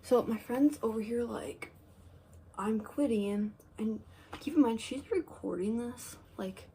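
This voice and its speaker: Rambling teenage girl, mellow voice. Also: a little high, unhurried, slight background noise. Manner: rambling, lots of "like" and "um", drifting into quiet asides. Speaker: vlogger. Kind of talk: casual get-ready-with-me storytelling.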